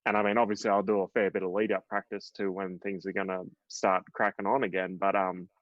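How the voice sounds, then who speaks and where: Low-voiced Australian man telling stories. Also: fairly quick, no echo. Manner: rambling, animated, full of fillers and swearing. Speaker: guest, professional golfer. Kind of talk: casual interview storytelling. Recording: dull, dry podcast audio.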